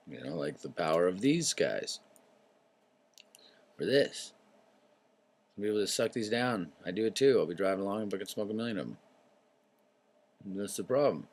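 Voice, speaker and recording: Low-pitched male host, meandering casual monologue, profane, keeps clearing his throat. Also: animated, moderate pace, long pauses. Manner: wandering, tangent-prone, swears freely, clears throat often. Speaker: show host.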